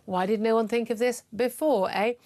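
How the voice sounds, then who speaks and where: A woman's voice: a little high, steady tone, moderate pace, warm tone. A middle-aged woman hosting a talk radio show, forthright and emphatic, with frequent fillers. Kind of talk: opinionated talk radio monologue.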